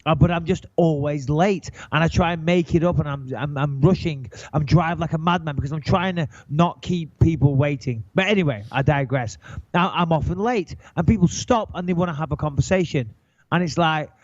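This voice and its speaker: A man's voice: on the high side, moderate pace, a little mellow, no room sound, dull audio. A middle-aged man and podcast co-host telling stories in a rambling, profane, self-deprecating way. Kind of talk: casual storytelling chat.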